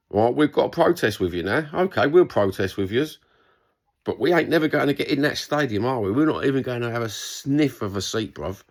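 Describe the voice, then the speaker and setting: A man's voice: fairly low pitch, lively intonation, normal speed. A man with a London accent delivering a heated, sweary rant to camera in reply to a comment, repeating his points. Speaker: vlogger responding to a comment.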